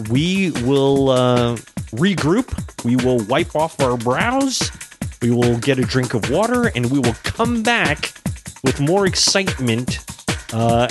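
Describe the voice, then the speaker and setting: A man hosting a casual tech podcast, rambling through thoughts with lots of fillers and frequent chuckles. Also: medium pitch.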